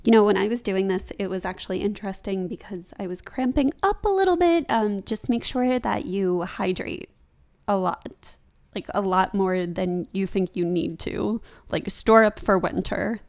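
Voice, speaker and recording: A woman's voice: mid-range voice, normal speed, vocal fry, darkish tone. A young woman talking casually over her own yoga practice as a vlogger, chatty and laughing at herself.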